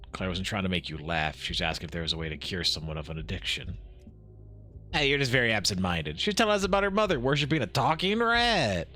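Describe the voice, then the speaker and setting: Man, game streamer, reads dialogue aloud, animated, bright tone, faint music behind. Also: lowish voice. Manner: animated, laughs often, quick asides. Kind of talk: live game playthrough, reading dialogue aloud.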